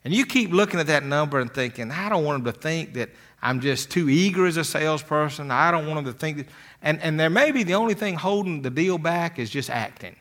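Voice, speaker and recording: Bright-voiced older man telling folksy stories. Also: fairly high pitch, expressive, fairly quick. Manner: folksy storytelling, repeats words when starting sentences. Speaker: motivational speaker. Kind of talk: motivational talk with stories.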